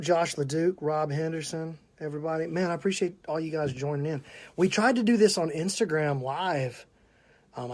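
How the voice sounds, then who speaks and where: A man with a Southern US accent hosting a casual live stream, chatting and greeting viewers by name. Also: on the high side. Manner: chatty, shouting out viewers, laughing often. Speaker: podcast host.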